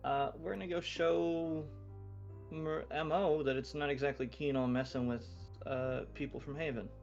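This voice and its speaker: A man speaking in character in a roleplay game, calm and coldly determined. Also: fairly high pitch, moderate pace, creaky, highs cut off, faint music behind. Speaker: roleplay player.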